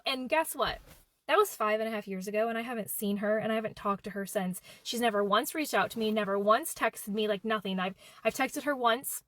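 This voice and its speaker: A woman telling a personal story in an animated way, acting out what people said. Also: fairly high pitch, a little fast, dry recording. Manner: animated, quoting people in dialogue. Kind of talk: casual storytime.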